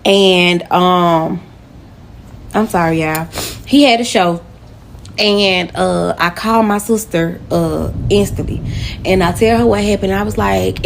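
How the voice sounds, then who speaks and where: Animated woman telling a personal story. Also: lowish voice, slow, gravelly, slight background noise. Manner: animated, emotional, talks straight to viewers. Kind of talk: casual storytime to camera.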